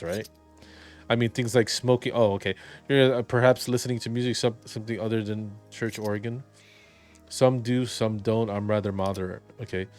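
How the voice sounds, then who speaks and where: Rambling low-voiced gamer man. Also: normal speed, soft background music. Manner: rambling, jokey, reads game text aloud. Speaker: gaming video commentator. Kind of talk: let's play commentary.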